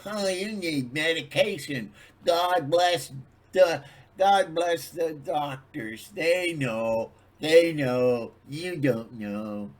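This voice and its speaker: A man's voice: on the high side, lively intonation, very slow, pitched above the performer's own voice. A man voicing a condescending skeptic, mocking and drawn out.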